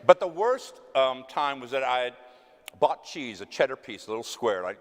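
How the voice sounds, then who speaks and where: Texan actor, male, chatty stage Q&A, lively pitch, big hall reverb. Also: normal speed. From West Texas. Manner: animated, self-mocking, acts out quoted voices. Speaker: actor answering audience questions. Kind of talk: casual storytelling Q&A. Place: theater stage.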